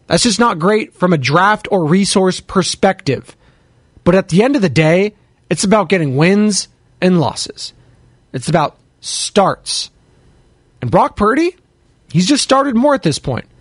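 High-voiced chatty sports show host, man. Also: no room sound. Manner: chatty, jokey, shouts out listeners. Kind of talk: casual sports radio chat, taking calls and chat.

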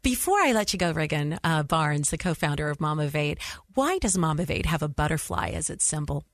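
A woman's voice: low voice, expressive, fairly quick, no echo, studio quality. A woman hosting a radio interview, speaking hesitantly with many fillers. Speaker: radio show host.

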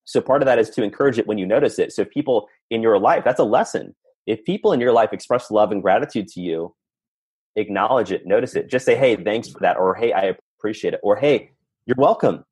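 An earnest man with a low, husky voice talks through a personal story as a podcast guest. He reflects as he goes, piling one thought onto the next. The sound is dry and close. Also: animated, quick pace, darkish tone, no room sound. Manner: earnest, reflective, talks in long run-on stretches. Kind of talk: candid storytelling conversation.

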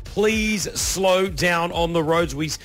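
Radio host guy in a studio, pretty high voice, joking around, music playing under him. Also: takes it slowly, fairly bright tone. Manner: upbeat, joking. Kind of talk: morning radio show. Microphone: studio mic.

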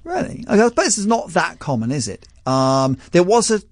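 A man with a posh southern English accent, a magician guest on a radio show, telling stories in an animated way and laughing often. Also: sits high, normal speed, dry recording. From London. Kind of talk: radio interview.

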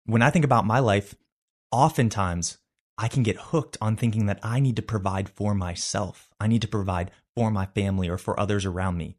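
A man's voice: on the low side, brisk, a little mellow. Earnest man teaching a Bible study. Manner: earnest, reflective, conversational.

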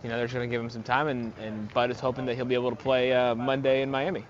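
Rambling reporter on a dull phone line. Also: male voice, mid-range voice, little pitch movement, very fast, slight background noise. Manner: rambling, lots of fillers and restarts. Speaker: beat reporter calling in. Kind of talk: casual phone-in chat. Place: arena in another city.

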